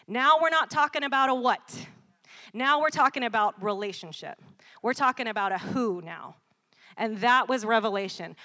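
A woman's voice: a little high, expressive, normal speed. Woman preaching with emphatic "Amen?". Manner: repeated "Amen?" to the congregation, rising to loud emphatic peaks. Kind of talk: sermon.

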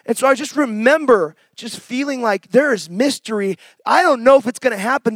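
High-voiced impassioned male preacher. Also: no echo. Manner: impassioned storytelling with bursts of shouting; reads scripture slowly and softly. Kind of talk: testimony sermon.

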